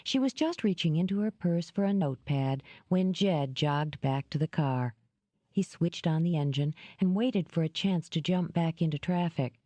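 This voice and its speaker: A woman narrating a novel in an audiobook, with lively, expressive storytelling. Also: low voice, moderate pace, dry recording. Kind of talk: scripted narration.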